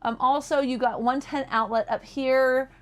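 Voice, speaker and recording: A woman's voice: high-pitched, steady tone, moderate pace. A woman giving a casual, chatty walkthrough of a motorhome as a presenter, enthusiastic and full of fillers. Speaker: RV sales presenter. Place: inside a motorhome.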